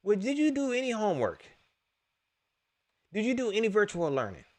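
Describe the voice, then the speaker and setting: Animated man in casual sports talk. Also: high voice, moderate pace. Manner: animated, repetitive, joking trash talk. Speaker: host of a sports talk stream.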